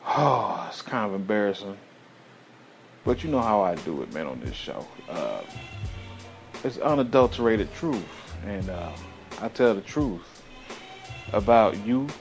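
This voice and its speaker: A man hosting his own show, telling a rambling personal story full of slang and swearing, sighing between thoughts. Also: mid-range voice. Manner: loose, slang-heavy, swearing constantly, drawn-out sighs. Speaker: show host. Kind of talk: profane storytelling monologue.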